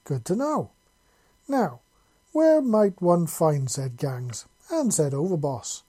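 Guy reading as a scary drawling wanderer, fake polite, dark husky voice. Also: on the high side, big pitch swings, pitched above the performer's own voice, exaggerated voice. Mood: menacing drawl. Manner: mock-polite, slow and threatening. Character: menacing drawling male wanderer with an accent.

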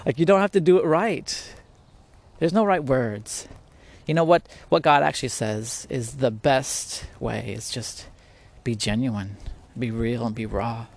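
A man talks through a podcast in a loose, unscripted way, circling back on his words and breaking into laughter. His voice sits at an ordinary middle pitch, and he sounds earnest and easygoing. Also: measured pace, gravelly. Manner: earnest, rambling, laughs often. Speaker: podcast host. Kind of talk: casual spiritual talk. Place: at home, near spiders.

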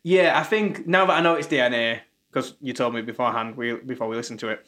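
A man, co-hosting a casual music podcast, relaxed and joking as he asks questions. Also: mid-range voice, fast. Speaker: podcast co-host. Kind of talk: casual chat.

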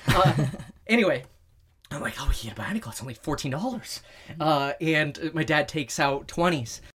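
A man being interviewed in a sauna, overheated with his heart racing, telling animated stories and acting out other people's voices. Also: a little high, normal speed, husky. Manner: animated storyteller who acts out quoted voices. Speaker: guest. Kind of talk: casual interview chat. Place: inside a sauna.

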